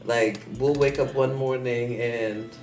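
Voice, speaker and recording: Low-voiced woman telling stories with profanity. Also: slow pace, distant mic. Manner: animated storyteller, profane, slips into put-on voices. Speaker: comedian and mother. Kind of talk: casual interview chat. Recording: roomy room with faint music.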